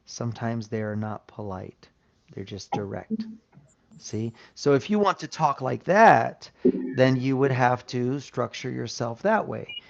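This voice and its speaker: An American man teaching an English lesson, explaining points patiently and checking in with "right?". His voice has a gravelly edge. The sound is dull and lo-fi. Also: mid-range voice, very animated, a little slow. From United States.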